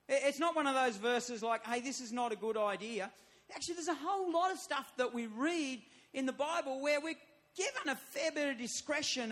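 Man, pastor, sermon, high-pitched voice, emphatic, repetitive phrasing. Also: fairly bright tone. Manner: emphatic, repeats phrases, builds to raised exhortation. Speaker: church pastor.

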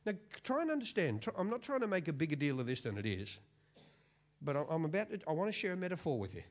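Aussie guy in his 40s preaching, bit high-pitched, voice bouncing all over, jokey and self-mocking. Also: very animated, fast. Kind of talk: storytelling sermon.

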